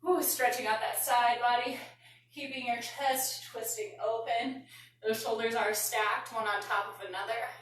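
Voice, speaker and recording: Woman, fitness coach, out of breath, bright voice, very echoey room, distant mic. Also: a little high, fairly even intonation, a little slow, a little hiss or hum. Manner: upbeat coaching with counting and audible exhales. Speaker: fitness and yoga instructor. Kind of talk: live workout class instruction.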